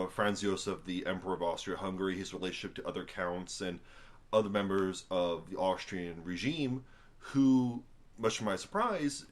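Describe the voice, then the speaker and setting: A young American man, tired after a long day, rambling casually at home into a camera on a tripod, full of fillers and wry asides. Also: deep voice. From United States. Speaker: vlogger reviewing a book. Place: at home indoors.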